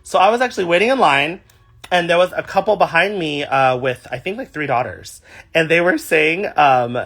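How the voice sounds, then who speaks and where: A man's voice: a little high, lively intonation, normal speed, a bit bright. A young man from California, a drag performer, chatting casually on a livestream and reading viewer comments aloud.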